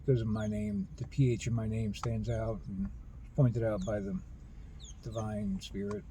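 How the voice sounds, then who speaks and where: A man talking in a rambling personal monologue about spiritual ideas, earnest and halting, with many restarts. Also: fairly low pitch, flat delivery, mellow, slight background noise, rough recording. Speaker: spiritual video host.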